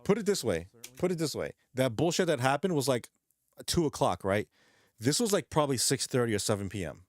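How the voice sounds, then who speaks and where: A young man from New York vents straight to the camera in a profane, agitated rant. He circles back and repeats himself. His voice sits in an ordinary middle pitch. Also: sing-song, a little fast, no echo. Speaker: vlogger. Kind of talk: ranting vlog monologue.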